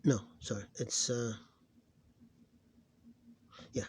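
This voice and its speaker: Slow, husky-voiced male phonics teacher. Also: medium pitch, steady tone. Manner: halting, with many restarts and self-corrections; sounds out syllables loudly and slowly. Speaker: Arabic reading teacher. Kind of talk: explaining a phonics lesson.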